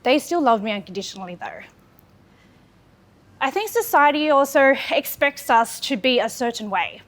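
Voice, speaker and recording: She's in her thirties, from Australia, and speaks at a normal pace in a high-pitched, animated voice. Her speech is a heartfelt, open account of her own life that leans on repeated phrasing.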